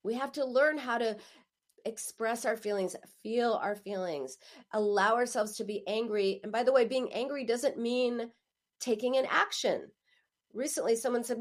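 A woman speaking as an author giving advice, emphatic and animated, often acting out quoted phrases. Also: a little high, moderate pace. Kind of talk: spoken advice monologue.

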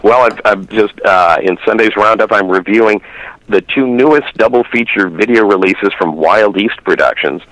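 A man's voice: fairly low pitch, normal speed, fairly bright tone, no room sound, poor audio. A middle-aged man calling in as a guest, chatting eagerly about western films with many fillers and restarts. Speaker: phone-in guest, western film reviewer. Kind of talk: casual chat.

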